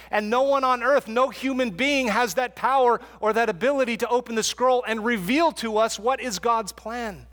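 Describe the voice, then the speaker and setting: A man's voice: very high voice, fairly bright tone, long reverb tail. A man preaching an expository sermon in an earnest way, often repeating words as he restarts a thought.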